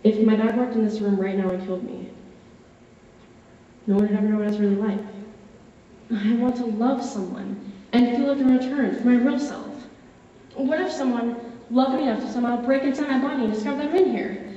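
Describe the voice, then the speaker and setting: A young woman in her late teens performs a dramatic first-person narration, earnest and intimate, with a mellow, slightly high voice. She is recorded from far off by a camera, so the sound is dull and swims in a long hall echo. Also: fairly even intonation, fairly quick, long pauses. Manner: earnest, emotional, intimate storytelling. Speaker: competitor.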